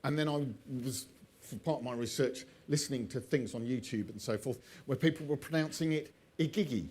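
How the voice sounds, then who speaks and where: A man's voice: mid-range voice, a little fast, darkish tone. A man telling an old myth, drifting into chatty asides and laughing often at his own jokes. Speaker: storyteller. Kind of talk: oral storytelling with chatty asides.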